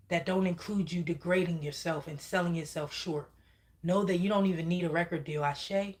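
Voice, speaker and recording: A woman with a slightly low voice delivering a channeled psychic reading on a livestream. She talks emphatically and keeps asking her viewers "okay?" When she gets worked up, she swears. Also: a little mellow. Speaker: spiritual reader channeling messages.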